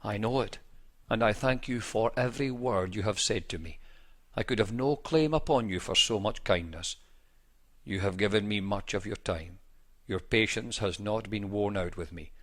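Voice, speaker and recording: A man voicing a gravely ill young male skeptic, proud but grateful, speaking in an earnest, formal, old-fashioned way. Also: lowish voice, normal speed, natural voice.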